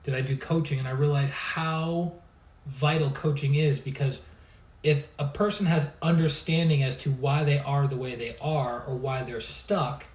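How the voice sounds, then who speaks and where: A man's voice: mid-range voice, fairly even intonation, moderate pace. Chatty man, roomy distant sound. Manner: chatty, laughs often, restarts phrases. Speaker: energy healer and coach. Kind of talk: casual livestream storytelling.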